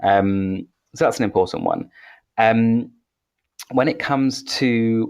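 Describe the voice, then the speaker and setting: Welsh male podcast co-host, low voice, rambling and chatty, often restarts sentences. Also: expressive, a little slow, muffled recording. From Wales. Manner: rambling, self-correcting, chatty. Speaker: podcast co-host, English teacher. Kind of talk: casual podcast discussion.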